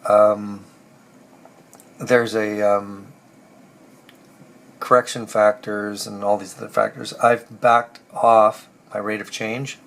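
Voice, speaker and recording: A man with a cold, hoarse and halting, talking through his engine tuning in a casual technical walkthrough. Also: lowish voice, level tone, fairly bright tone. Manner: halting, many ums and restarts, thinking aloud. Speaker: car restorer explaining engine tuning.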